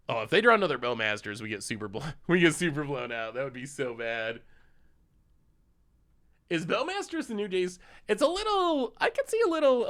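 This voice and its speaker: Man with lively pitch, thinking aloud. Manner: reactive, thinks aloud, thanks subscribers. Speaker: streamer playing a card game. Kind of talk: live gameplay commentary.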